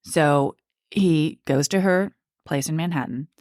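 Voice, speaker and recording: A woman's voice: deep voice, slow pace, darkish tone, no echo, clean studio sound. A woman co-hosting a podcast, telling a true-crime story in a casual, chatty way with asides. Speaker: podcast co-host.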